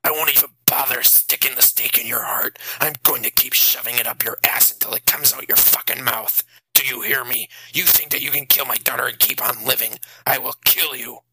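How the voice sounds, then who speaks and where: A man's voice: mid-range voice, fairly even intonation, a little fast, few pauses, noisy background, lightly acted. A man voicing an enraged father over fifty. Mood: furious. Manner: shouting threats.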